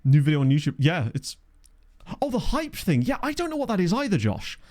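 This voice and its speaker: A man's voice: sits high, wildly swooping pitch, a little fast, darkish tone. Chatty man streaming a game. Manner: chatty, reads chat aloud, laughs often. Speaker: streamer playing a football management game. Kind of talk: casual live-stream commentary.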